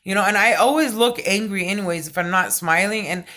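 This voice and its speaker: A middle-aged woman talks to her viewers in a casual vlog, loud and stern and quick to get worked up, stringing her story together with lots of "you know" and "like." Her voice is bright and sharp, sitting at an ordinary pitch for a woman. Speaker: vlogger.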